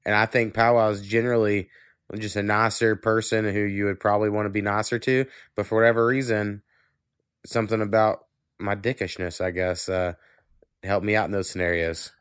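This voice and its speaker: A congested man hosting a casual podcast chat. His voice sits fairly low and sounds smooth and clear. He rambles and swears freely, recorded dry and close with no room sound. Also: little pitch movement, fairly quick, fairly bright tone, dry recording. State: congested with a cold. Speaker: podcast host.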